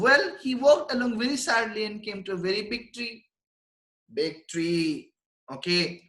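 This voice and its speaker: Echoey teacher explaining a text. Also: male voice, high voice, fairly bright tone. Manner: reads a line, then paraphrases it simply and repeats it. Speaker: English teacher. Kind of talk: line-by-line literature lecture. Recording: echoey room.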